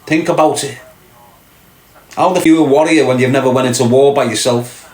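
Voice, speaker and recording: Man, livestream host, casual chat, sweary, taunting, medium pitch. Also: fairly quick, darkish tone, reverberant. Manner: brash, sweary, mocking banter.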